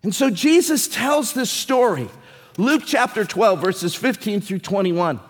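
High-voiced preacher in a reverberant hall. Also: male voice, animated. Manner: preaching with emphatic slow phrasing. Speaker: pastor. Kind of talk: sermon.

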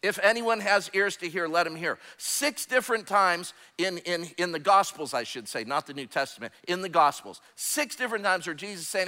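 A man's voice: sits high, expressive, normal speed, hardly any pauses, bright, forceful tone. A man preaching a sermon as pastor, emphatic and calling for amens. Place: church sanctuary. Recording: long hall reverb.

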